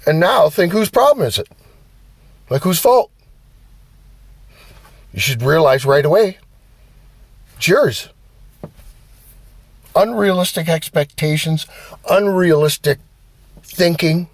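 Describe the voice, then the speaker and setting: A man's voice: on the high side, takes it slowly, gravelly, pauses often, no room sound. A man giving a blunt, profane motivational rant as a vlogger. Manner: blunt, heavy swearing, animated. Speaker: vlogger and driver.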